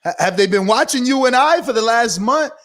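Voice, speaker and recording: High-voiced emphatic American man. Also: expressive, brisk, a bit bright. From United States. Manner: emphatic, persuasive, rhetorical questions. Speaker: boxing podcast host, guest. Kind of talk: casual interview chat.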